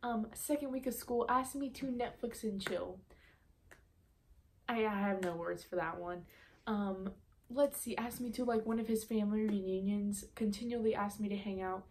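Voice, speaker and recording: A woman's voice: mid-range voice, moderate pace, a little mellow, a little hiss or hum. A teenage girl telling a story on her vlog in a chatty way, full of "um" and "like". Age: late teens. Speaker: vlogger.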